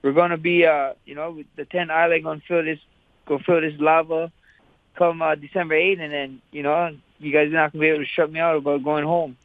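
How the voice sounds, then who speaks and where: Over a tinny, phone-like line, a fighter from Hawaii chats as an interview guest in a laid-back, rambling way full of "you know." His voice is on the high side, flat in delivery and a little fast, with no echo.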